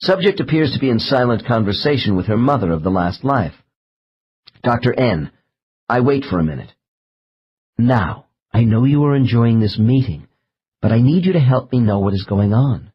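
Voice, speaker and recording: A man narrating an audiobook in a measured, slow reading of case transcripts. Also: mid-range voice, animated, breathy edge, muffled recording. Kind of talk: scripted narration.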